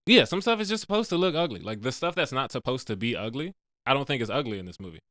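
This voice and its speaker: Animated man joking through a podcast. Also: medium pitch, fast, dry recording, studio quality. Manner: animated, laughing, jokey asides. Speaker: podcast co-host. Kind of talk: casual movie review chat.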